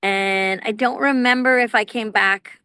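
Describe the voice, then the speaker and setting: A woman's voice: on the high side, fairly even intonation, unhurried, bright, forceful tone, clean tone, dry recording. A woman in her fifties, chatting wryly as a podcast guest from an airport, laughing easily. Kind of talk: casual podcast chat.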